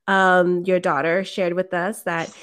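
A woman's voice: on the low side, flat delivery, a little slow, fairly bright tone, smooth. Playful woman host, laughs a lot. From Filipino family. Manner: playful, laughs often, mimics her mom. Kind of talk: casual chat.

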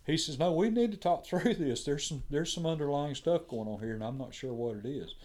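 A man's voice: on the high side, a little fast, a little mellow. A man, a firefighter telling a story in casual conversation and acting out what others said.

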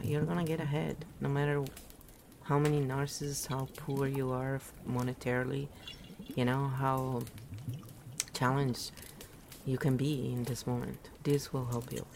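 A woman's voice: rumbling low, a little mellow, slight background noise. A woman from Italy giving a casual, rambling spiritual talk, often laughing at her own jokes. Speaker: podcast host.

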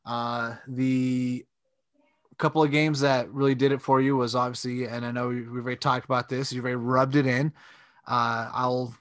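A man co-hosting a casual sports podcast, talking in a relaxed, rambling way. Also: mid-range voice, moderate pace, no echo. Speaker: podcast co-host.

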